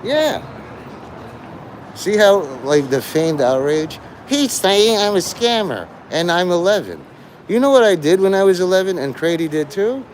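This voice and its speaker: A man's voice: sits high, sing-song, a little slow, a little hiss or hum. A man live-streaming in a rambling, sarcastic and profane way, mocking a chat viewer. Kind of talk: rambling livestream banter.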